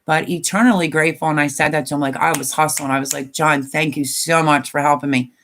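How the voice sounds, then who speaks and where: A woman's voice: low voice, steady tone, fast talker, a bit bright, slight background noise. An older woman chatting casually on a live stream, tired and emotional, rambling with many fillers. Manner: emotional, rambling, tearful at times.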